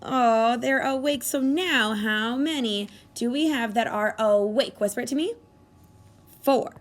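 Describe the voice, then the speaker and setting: A woman teaching a math lesson to young children, speaking in an animated sing-song way and gasping with exaggerated delight as she coaxes answers from them. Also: on the high side, unhurried. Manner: coaxing, encouraging questions to children. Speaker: kindergarten teacher.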